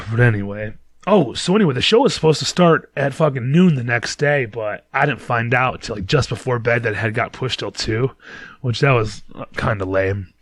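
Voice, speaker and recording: A man's voice: mid-range voice, moderate pace, no room sound. A man from Detroit, a podcast host who tells a story in a casual, rambling, profane way. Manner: profane, rambling, laid-back.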